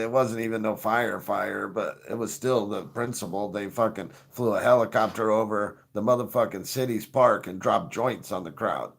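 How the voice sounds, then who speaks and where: With a lowish voice touched by vocal fry, a middle-aged male show host rambles through casual, joking chat. Laughter comes often, and so does swearing.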